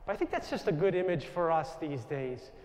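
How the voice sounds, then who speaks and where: A man's voice: on the high side, big pitch swings, a little fast, darkish tone, echoey room, long reverb tail. A man with a New York accent, a Jesuit priest giving a conversational storytelling talk to a live audience. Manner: conversational, anecdotal, with self-corrections.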